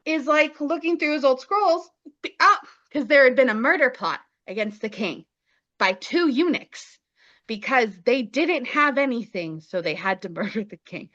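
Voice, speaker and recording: A woman's voice: sits high, pushed and bright, highs cut off. Playful, slangy woman retelling a story. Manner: playful and slangy, acting out characters' lines. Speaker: podcast co-host.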